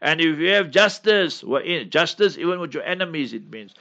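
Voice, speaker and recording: On a radio Q&A, a male mufti answers questions in a lecturing, instructive tone, emphatically repeating key points to drive each one home. His bright, forceful voice sits a little high and is animated and slightly fast. The recording sounds dull and lo-fi.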